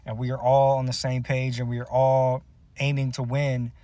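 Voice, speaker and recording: A man speaks candidly to camera, recounting a grievance in a heated, profanity-laden way. His voice sits at an ordinary pitch, and the sound is dry and close with no room echo. The tone throughout is bitter and aggrieved. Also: completely flat delivery, normal speed, dark tone. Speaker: musician. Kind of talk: candid personal storytelling to camera.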